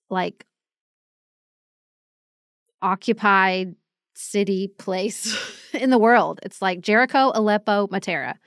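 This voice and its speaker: A woman in her forties co-hosts a podcast and tells stories in a relaxed, chatty way. Her voice is smooth with a gravelly edge. The sound is dry and close. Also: mid-range voice, no echo. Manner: chatty storyteller, mimics people she met. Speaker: podcast co-host. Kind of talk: casual chat.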